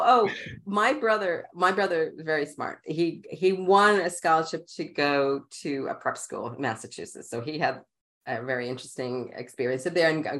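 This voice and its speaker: A middle-aged woman with a Queens, New York accent, telling animated stories as an interview guest and laughing often. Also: sits low. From New York, USA. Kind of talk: casual interview storytelling.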